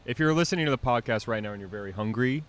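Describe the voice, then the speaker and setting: A man's voice: mid-range voice, racing. A man co-hosting a casual food podcast, chatting in an easygoing, agreeable way while he eats. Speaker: podcast co-host. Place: restaurant.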